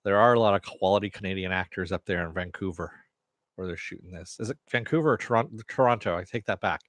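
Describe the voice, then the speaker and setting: A man's voice: deep voice, fast, fairly bright tone, dry recording. A man hosting a casual live TV review, rambling off the cuff, swearing now and then and answering chat comments. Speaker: TV review host.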